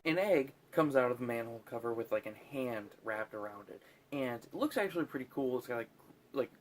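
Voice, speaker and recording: A man's voice: medium pitch, animated, a little fast. A drunk man hosting a casual movie recap, rambling and swearing as he goes. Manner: rambling, swearing, laughing at his own jokes.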